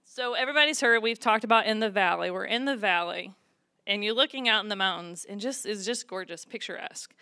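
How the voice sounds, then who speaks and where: A woman's voice: mid-range voice, brisk, bright, forceful tone, smooth. A woman giving a casual church devotional, reading scripture aloud with rising intensity. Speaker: church speaker.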